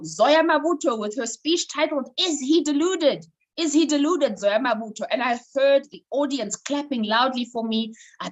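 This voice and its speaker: A woman from South Africa hosting an online session, telling a personal story with many fillers and lively emphasis. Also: fairly high pitch, rough recording. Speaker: speaker and workshop host.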